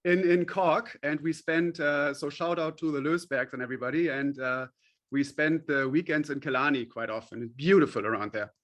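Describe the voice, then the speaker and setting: A man's voice: fairly high pitch, moderate pace, fairly bright tone, highs cut off. A man being interviewed as a company CEO, explaining at length with many fillers and restarts. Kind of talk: podcast interview.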